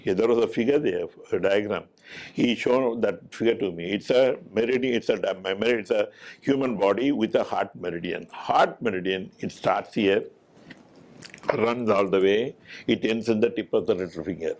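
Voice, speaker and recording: Middle-aged doctor telling a story, animated, trips over words and restarts a lot. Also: male voice, fairly low pitch, moderate pace. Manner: animated, acts out dialogue, frequent stumbles and restarts. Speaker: doctor giving a talk. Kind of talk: anecdotal storytelling talk.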